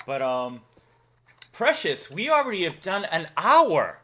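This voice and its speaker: A man from Massachusetts chats casually while hosting a stream, his voice swinging lively through its pitch. He jokes around and laughs easily. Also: takes it slowly. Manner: chatty, laughs often, playful. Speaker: livestream host.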